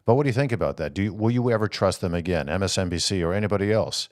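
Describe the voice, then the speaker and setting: A man hosting a political talk show, reading viewer comments and answering them with animated rhetorical questions. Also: deep voice, very fast, no echo, clean studio sound. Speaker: host.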